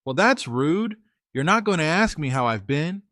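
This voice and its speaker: A man voicing a young woman, a pleading ex-girlfriend, in a high, coaxing, girlish voice. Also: big pitch swings, normal speed, a bit bright, no echo, clean studio sound. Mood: teasing.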